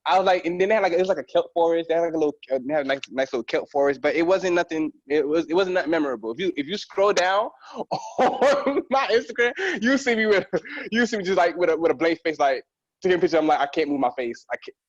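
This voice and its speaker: Man, casual chat, rambling, frequent laughs, higher voice, dry muffled sound. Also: animated, quick pace, no echo. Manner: rambling, laughs often, many restarts and fillers. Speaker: guest diver.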